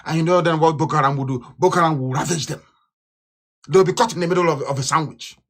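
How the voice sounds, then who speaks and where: A man giving an impassioned political broadcast, fiery and scornful, repeating himself and bursting into shouts. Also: on the high side, quick pace. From Nigeria. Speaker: activist leader.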